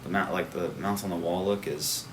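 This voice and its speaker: A low-voiced man hosts a relaxed catch-up conversation, rambling a bit and teasing his friend. He leans on "like" as a filler. A faint background hum runs under his voice. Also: fairly quick. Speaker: host. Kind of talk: casual chat.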